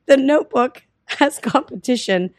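A woman co-hosting a podcast, playful and jokey in casual chat. Her voice sits a little high, and the close recording is dry. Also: lively intonation, normal speed, no room sound. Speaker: podcast co-host.

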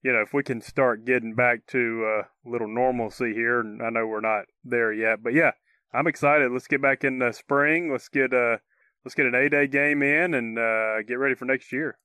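Bright-voiced man in casual sports talk. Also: mid-range voice, steady tone, moderate pace, clean tone, no echo. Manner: opinionated, chuckling, easygoing. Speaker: co-host.

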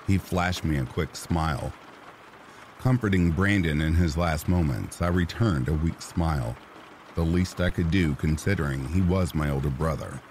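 Deep, unhurried male horror narrator, somber delivery, soft rain underneath. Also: a little hiss or hum. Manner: slow, somber storytelling. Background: rain sounds.

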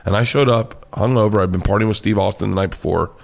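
Profane, animated American comedian telling stories. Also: male voice, on the low side, fast talker, vocal fry. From United States. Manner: profane, animated storyteller, laughs often. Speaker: comedian guest. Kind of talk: casual storytelling interview.

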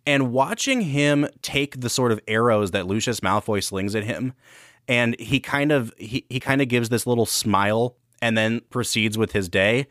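A man's voice: medium pitch, moderate pace, fairly bright tone, dry recording. A man co-hosting a podcast, talking through a film with enthusiasm and close attention to acting. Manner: enthusiastic, analytical. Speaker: podcast co-host. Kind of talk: casual film review chat.

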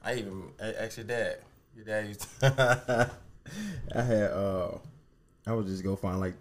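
A man, a podcast guest, telling a story in a relaxed, rambling, humble way. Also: fairly low pitch, a little slow, a little hiss or hum. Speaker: podcast guest, fitness trainer. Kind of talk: casual storytelling.

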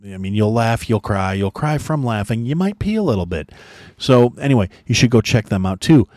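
A man's voice: mid-range voice, sing-song, fairly quick, a little mellow, no room sound, clean studio sound. A man hosting a podcast, ranting bluntly about politics with heavy swearing and lots of restarts. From United States. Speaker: podcast host. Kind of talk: profane political rant.

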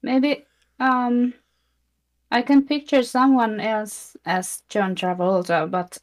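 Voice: mid-range voice, little pitch movement, takes it slowly. A co-host in a casual chat, mostly giving short listening sounds and the odd dry quip.

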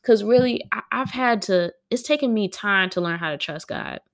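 A woman poet at home, reading her own poems aloud and chatting to her listeners between them, a bit dramatic and quick to laugh at herself. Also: mid-range voice. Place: at home with a dog on a wooden floor.

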